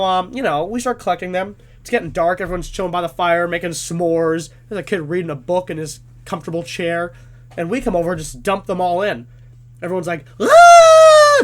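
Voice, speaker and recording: A man in his twenties telling a comedic story in an animated, self-deprecating way. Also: high-pitched.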